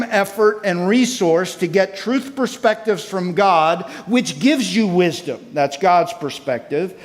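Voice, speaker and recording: Emphatic male preacher in reverberant hall. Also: high-pitched. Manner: emphatic, enumerating points, reads scripture aloud. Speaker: conference speaker. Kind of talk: sermon. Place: church sanctuary.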